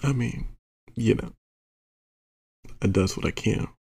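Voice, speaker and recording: A man's voice: lowish voice, slow pace, warm tone, breathy edge. A man hosting a podcast, telling a profane, exasperated story with lots of acted-out quotes. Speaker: podcast host. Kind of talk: explicit comedic storytelling monologue.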